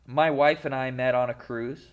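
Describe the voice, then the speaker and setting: A young man talking as a podcast guest in easy, animated stretches, laughing and slipping into little acted-out voices. His pitch sits in the middle for a man. It is casual chat, not a prepared talk. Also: moderate pace, smooth.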